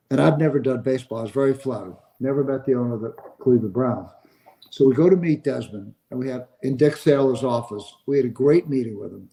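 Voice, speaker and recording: A man's voice: mid-range voice, fast talker, gravelly, warm tone, low-quality recording. An older man, a sports agent being interviewed on a podcast, telling a long story and acting out the dialogue of the people in it.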